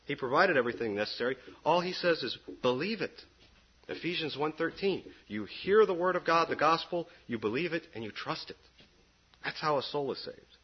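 A man preaching a sermon in an animated, sarcastic way, with sudden jumps up in pitch. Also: brisk, breathy edge, dull audio.

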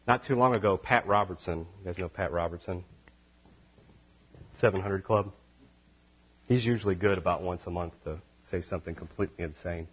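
A man preaching a sermon, reading scripture calmly, then building to loud, emphatic, high-pitched exhortation. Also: normal speed, breathy edge. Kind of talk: impassioned sermon. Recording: dull lo-fi recording.

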